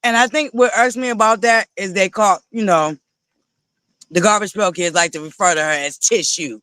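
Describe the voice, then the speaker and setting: A man hosting a live reality-TV review stream, talking in an animated, sassy way with frequent swearing and digressions. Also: sits high, moderate pace, clear, resonant tone, no echo. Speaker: livestream host reviewing reality TV. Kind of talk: casual livestream commentary.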